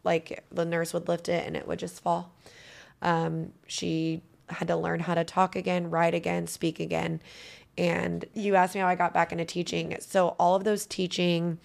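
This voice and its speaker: A woman's voice: on the low side, completely flat delivery, normal speed, gravelly. A woman giving a guest interview, telling a personal story in an earnest, emotional way.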